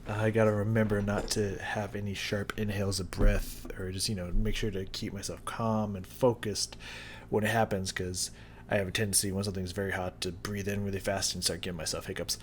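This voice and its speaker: Low-voiced man chatting through a spicy tasting. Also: little pitch movement, a little hiss or hum. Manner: talks through the burn, halting and drawn out. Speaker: hot sauce challenge vlogger. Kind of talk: casual chat to camera. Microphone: new studio mic.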